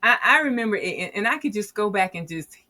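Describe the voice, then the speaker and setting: A middle-aged woman from New York with a New York accent, telling stories in a casual interview with lively self-mocking humor. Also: medium pitch, quick pace. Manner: animated, self-mocking storyteller. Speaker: interview guest.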